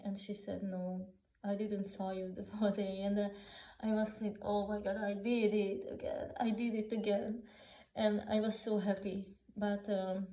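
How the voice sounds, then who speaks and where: A woman telling personal memories unscripted, halting with many restarts, fillers and non-native grammar. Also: medium pitch, dark tone, echoey room, poor audio. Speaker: author sharing personal memories.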